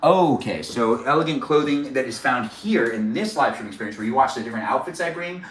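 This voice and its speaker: A man's voice: mid-range voice, animated, fairly quick, roomy sound, a little hiss or hum. A man hosting a casual live stream while cooking in his home kitchen, rambling and chatting with viewers as he reads their comments aloud.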